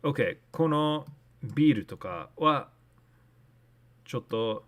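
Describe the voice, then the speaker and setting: A man's voice: medium pitch, expressive, a little slow, fairly bright tone. A man casually streaming a map-guessing game, thinking aloud and switching between English and learner Japanese. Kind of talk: casual live-stream commentary.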